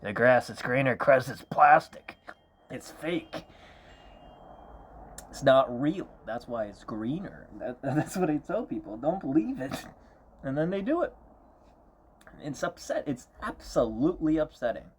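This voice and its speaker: A man's voice: mid-range voice, big pitch swings, a little slow, pauses often, slight background noise. A man delivering a frustrated, rambling video monologue about an online game, venting with repeated complaints and mocking impressions of other people. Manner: exasperated, repetitive venting with mocking quoted voices. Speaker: game vlogger.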